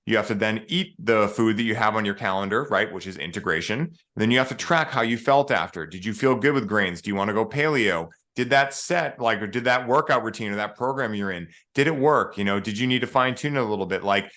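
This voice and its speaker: Male guest, lower register, bright and forceful, earnest and spiritual in casual conversation. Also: fairly quick, few pauses. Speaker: podcast guest.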